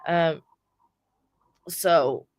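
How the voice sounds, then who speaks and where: A woman's voice: low voice, very slow, no echo, soft background music. Subdued, teary woman streamer. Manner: subdued, self-described monotone delivery. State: sad and close to tears. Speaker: true crime livestream host. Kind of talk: casual live-stream chat.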